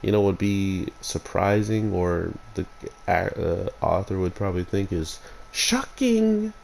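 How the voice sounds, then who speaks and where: Deep gravelly man, rambling review. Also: sing-song, a little slow, a little mellow, slight background noise, rough recording. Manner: rambling, digressive. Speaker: anime reviewer. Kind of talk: casual spoken review.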